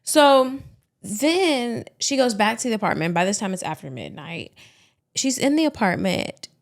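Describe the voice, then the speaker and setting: A woman's voice: fairly high pitch, sing-song, measured pace, vocal fry. A woman co-hosting a podcast, riffing and storytelling in a slangy, playful true-crime chat. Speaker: podcast co-host.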